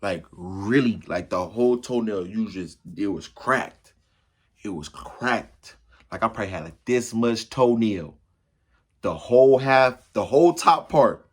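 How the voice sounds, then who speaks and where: A man telling a funny personal story to his viewers in a casual, slangy way, acting out the crashes and his own yells. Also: fairly low pitch, unhurried, breathy edge. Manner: animated, acts out yells and crashes.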